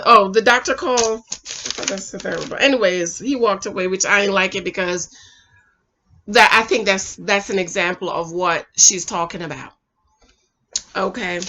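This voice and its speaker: A woman recapping a dating show in loose, chatty talk, often breaking into laughter and turning to her viewers with advice. Her voice sits a little high and sounds bright and forceful. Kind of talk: casual TV recap chat.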